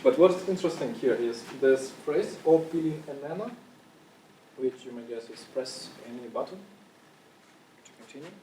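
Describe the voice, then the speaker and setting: A man's voice: medium pitch, normal speed, dark tone, slight background noise. A man giving a casual conference talk to an audience, with loose phrasing, many fillers and restarts, and a cough now and then. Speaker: conference speaker. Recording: echoey room, voice from far off.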